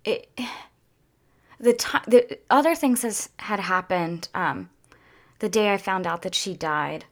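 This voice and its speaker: A woman talking casually to her viewers in a heartfelt, chatty way, near tears and drifting into soft whispers at times. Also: medium pitch, takes it slowly. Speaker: vlogger. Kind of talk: casual personal talk to viewers.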